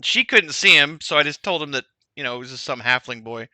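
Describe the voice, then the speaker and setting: A man voicing a rambling old man who tells a long story with halting restarts. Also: a little high, expressive, sharp tone, no echo.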